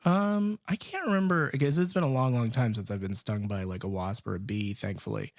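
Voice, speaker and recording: A man's voice: mid-range voice, a little fast, dry recording, clean studio sound. A man co-hosting a film podcast, talking casually and hesitantly, with frequent ums as he tells stories. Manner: hesitant, many ums, relaxed storyteller. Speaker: podcast co-host.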